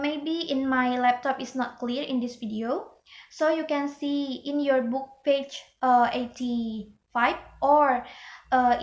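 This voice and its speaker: High, slow-talking young woman presenting. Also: echoey room. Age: young adult. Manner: hesitant, many fillers and restarts. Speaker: student presenter. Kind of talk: class presentation on phonology.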